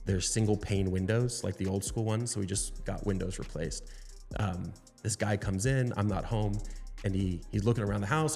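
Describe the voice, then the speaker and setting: A man's voice: fairly low pitch, moderate pace, a little mellow, soft background music. A man hosting a podcast, explaining ideas in a coaching way. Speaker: podcast host. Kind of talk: casual podcast conversation.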